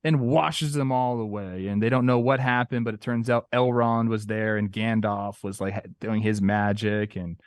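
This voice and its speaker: Animated young man on a dry mic. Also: lowish voice, normal speed, few pauses, no room sound. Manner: animated, acts out quotes in goofy voices. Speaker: podcast co-host. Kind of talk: casual sports talk.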